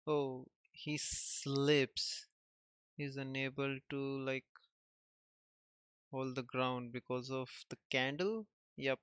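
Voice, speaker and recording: Man reading a comic in a monotone. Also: mid-range voice, slow pace, smooth, no room sound. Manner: reads in a flat, even voice and adds short remarks. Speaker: manga reader. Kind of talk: reading a comic aloud with comments. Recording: dull lo-fi recording.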